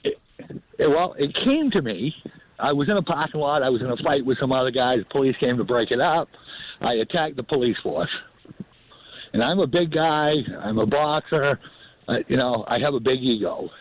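A man's voice: mid-range voice, animated, normal speed. Earnest male caller on phone line. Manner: rambling, earnest. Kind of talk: call-in chat. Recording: tinny dry phone line.

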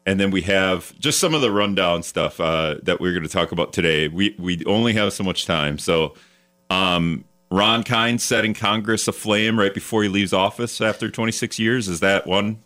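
A man's voice: deep voice, normal speed, pushed and bright. A man hosting a radio talk show in the studio, chatting casually and jokingly, rambling with restarts.

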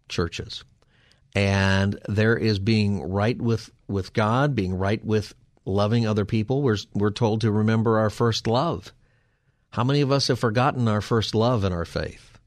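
A man with a low voice hosts a Christian call-in radio show and speaks as a pastor. His delivery is earnest and preacherly, with quick restarts, and he sounds close to a dry studio microphone. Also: no echo.

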